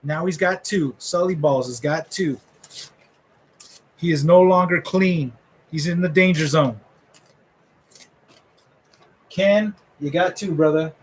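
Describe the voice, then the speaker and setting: A man's voice: fairly high pitch, slight background noise, low-quality recording. A middle-aged man hosting a live fantasy football draft order reveal, rambling and joking with friends. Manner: joking, rambling trash talk. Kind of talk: casual live commentary.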